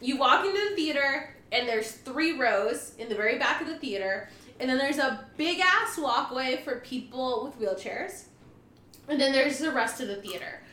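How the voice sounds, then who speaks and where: A young woman with a high voice tells a story in a loose, casual chat. She is animated and laughs often, with "like" peppering her sentences. The room is echoey, with faint noise behind her. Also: normal speed.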